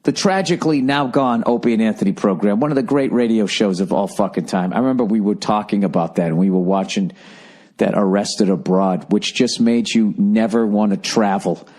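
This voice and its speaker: A man's voice: lowish voice, darkish tone. A man hosting a podcast in a casual comedic rant, rambling, sarcastic and heavy on swearing. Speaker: podcast host.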